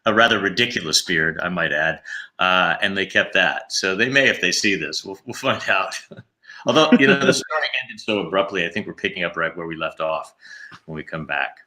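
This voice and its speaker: A man's voice: low voice, normal speed, bright, forceful tone. A middle-aged man giving a video call interview with dry, wry humor. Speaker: guest actor.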